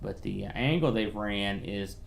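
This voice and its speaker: A man's voice: lowish voice, moderate pace, creaky, slight background noise. A man co-hosting a retro gaming podcast, chatting casually and explaining things at length with many restarts. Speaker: podcast co-host. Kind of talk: casual chat.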